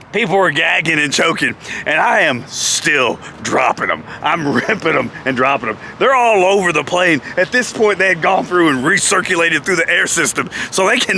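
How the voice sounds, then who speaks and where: Animated man telling a story outdoors. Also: fairly high pitch, a little hiss or hum. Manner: animated, laughs often. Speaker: vlogger, former pro wrestler. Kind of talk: casual storytelling. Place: outdoors by a parking lot. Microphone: lapel.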